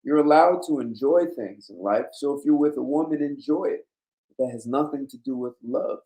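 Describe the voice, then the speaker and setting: A man's voice: medium pitch, fairly quick, mellow. A man hosting a blunt, emphatic monologue in a casual, lecturing way. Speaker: host. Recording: roomy echo.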